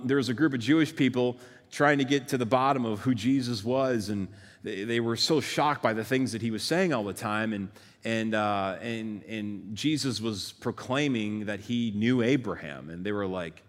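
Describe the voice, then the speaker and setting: Male preacher, low-voiced, emphatic, swells loud then drops soft, long reverb. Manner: emphatic, swings loud on key words and drops soft at phrase ends. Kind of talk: sermon-style teaching.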